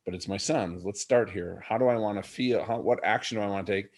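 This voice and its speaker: Middle-aged male podcast guest, low-ish voice, earnest reflective storyteller. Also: fairly quick, darkish tone. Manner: earnest, reflective, addresses the host by name. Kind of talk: personal storytelling in a podcast interview.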